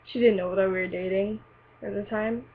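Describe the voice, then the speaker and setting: A woman's voice: medium pitch, steady tone, moderate pace, breathy edge. A teenage girl telling a personal story in a casual, rambling way, full of fillers and likes. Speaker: vlogger. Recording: tinny lo-fi webcam audio with faint hiss.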